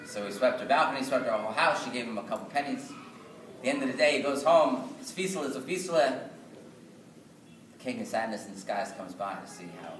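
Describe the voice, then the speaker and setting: A male storyteller telling a folk tale aloud at a live synagogue gathering, lively and rhythmic with repeated phrases. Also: medium pitch, a little fast. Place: synagogue event. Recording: echoey hall from far off, noisy.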